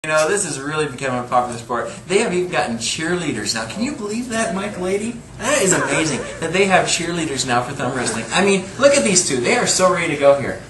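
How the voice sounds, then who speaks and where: A man's voice: a little high, expressive, quick pace, background noise. A man hosting a goofy homemade mockumentary as a giggly mock interviewer. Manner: goofy, giggly, repeats "I've heard". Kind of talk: improvised comedy mockumentary. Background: music.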